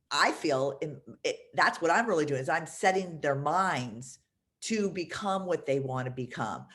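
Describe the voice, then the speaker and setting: A woman hosting a conversational interview, asking enthusiastic, rambling questions. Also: on the low side. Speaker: podcast host.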